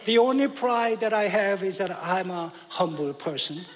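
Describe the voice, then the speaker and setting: A man's voice: high voice, expressive, moderate pace, a little hiss or hum. A male pastor preaching a sermon, emphatic and joking, chuckling at his own humor. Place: church sanctuary. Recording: long church reverb.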